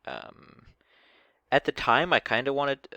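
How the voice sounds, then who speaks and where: A man's voice: mid-range voice, wildly swooping pitch, slow pace, gravelly, bright, forceful tone, dry recording, dull audio. A man casually commenting on a video in a hesitant way, with many ums and restarts. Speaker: reaction video host.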